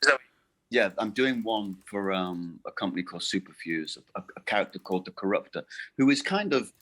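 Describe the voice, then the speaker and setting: Gravelly low-voiced man, halting speech. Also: animated, fairly bright tone. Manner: halting, many restarts and fillers. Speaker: voice actor guest. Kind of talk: casual interview chat.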